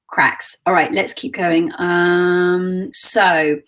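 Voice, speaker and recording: A woman vocal coach leading a live online singing warm-up in a relaxed, conversational way, breaking off to sing demonstration slides. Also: lowish voice, very slow. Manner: demonstrates exercises by singing slides between instructions.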